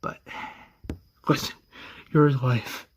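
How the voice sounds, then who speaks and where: A man's voice: medium pitch, steady tone, slow, husky. A man voicing a brooding male survivor in a retold story, speaking earnestly and pleadingly. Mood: insistent.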